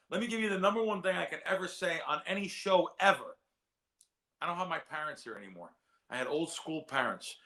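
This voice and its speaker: A man with a fairly high, gravelly voice talks casually on a sports betting show. He rambles in a heartfelt way and often repeats himself as he goes. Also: bright, forceful tone. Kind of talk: casual chat.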